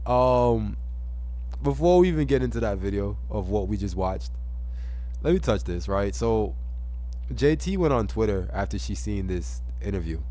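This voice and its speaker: A man's voice: lowish voice, lively intonation, normal speed, warm tone, slight background noise. A man hosting casual reaction commentary, joking and laid-back in slang. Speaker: commentary host.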